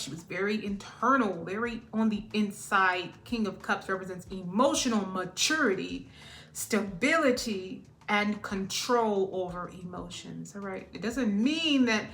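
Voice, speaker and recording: A woman's voice: mid-range voice, a bit bright. A woman giving a casual tarot reading in a chatty way, laughing often and drifting off topic. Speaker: tarot reader.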